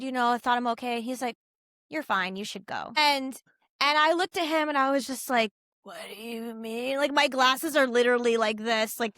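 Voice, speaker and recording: A young adult woman telling a personal story as a podcast guest, chatty and animated, full of "like" and "you know" and acted-out quotes of other people. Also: on the high side, no echo, clean studio sound. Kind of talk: casual storytelling in an interview.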